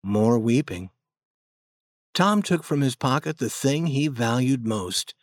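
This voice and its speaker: A man narrating a storybook chapter in a plain, measured way. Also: mid-range voice, animated, no room sound, clean studio sound.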